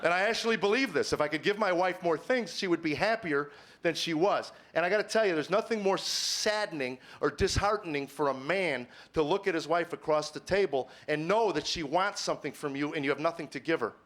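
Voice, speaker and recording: A middle-aged man doing confessional stand-up on stage before a live audience. He talks earnestly, stammers over repeated words, and swings between quiet musing and emphatic, preacher-like points. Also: fairly high pitch, fairly quick. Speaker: comedian.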